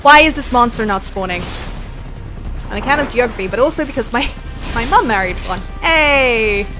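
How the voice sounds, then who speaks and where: A woman's voice: on the high side, lively intonation, brisk, music in the background, poor audio. A woman from Australia with an American accent, chatting bluntly and swearing freely while she plays a game on a live stream. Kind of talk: casual live-stream chat while gaming.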